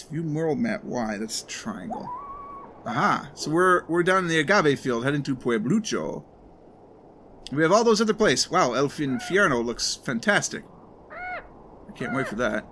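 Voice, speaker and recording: A man's voice: on the high side, fairly bright tone, slight background noise. A man hosting a let's play, chatting casually and rambling as he plays, often correcting himself mid-sentence. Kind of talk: casual game commentary.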